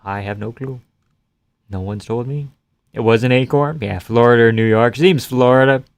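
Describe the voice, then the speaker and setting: A man's voice: medium pitch, moderate pace, clear, resonant tone, no echo. A man hosting a live stream from a home setup, chatting casually and reading out viewer comments with jokes and casual swearing.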